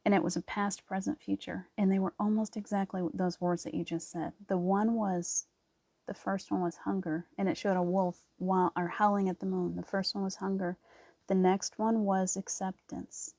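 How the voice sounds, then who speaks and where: A middle-aged woman hosting a livestream spiritual talk, earnest and quick to laugh, often restarting her sentences. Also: mid-range voice, flat delivery, dark tone, dry recording. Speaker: spiritual host.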